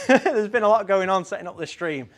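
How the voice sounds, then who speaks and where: A man's voice: high voice, huge pitch swings, normal speed, a bit bright. A man hosting a casual live stream, chatting in a rambling way and reading out viewer comments.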